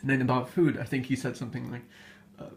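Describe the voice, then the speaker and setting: A man casually retells an old folk tale, stumbling and restarting as he goes. He sounds amused by his own story and often pauses on fillers, with a plain, mid-pitched voice. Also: little pitch movement, a little hiss or hum.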